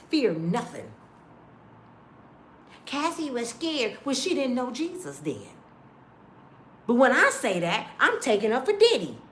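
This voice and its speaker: A woman in her fifties ranting casually to her viewers, blunt and profane, telling animated stories, recorded in an echoey room. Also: fairly high pitch, a little hiss or hum. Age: 50s. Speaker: online commentator.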